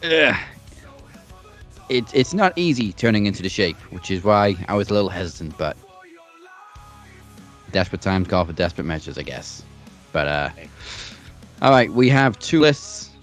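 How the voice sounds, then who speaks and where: A man's voice: on the low side, sing-song, normal speed, long pauses, a bit bright, faint music behind. A man co-hosting a fantasy wrestling podcast, laid-back with playful hype as he introduces segments. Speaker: podcast co-host. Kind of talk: podcast banter and show hosting.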